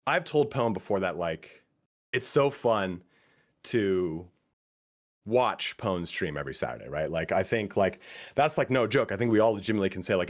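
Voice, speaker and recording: A man giving an improvised, crude, teasing roast of a friend over a stream, rambling with many fillers. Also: lowish voice. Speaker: roast speaker.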